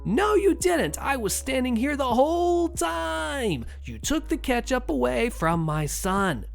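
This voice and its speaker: Shrieking entitled mom in a story reading, put on by a man; high, loud, gravelly edge. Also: huge pitch swings, normal speed, faint music behind, heavily acted. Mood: furious. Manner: shrieking, indignant, demanding. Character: shrill entitled angry mother, middle-aged woman.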